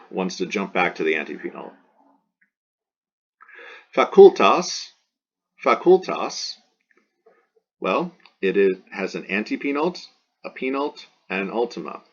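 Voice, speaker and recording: Man, very low husky voice, patient teacher, repeats examples, dull lo-fi recording. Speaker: Latin teacher. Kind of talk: recorded lesson.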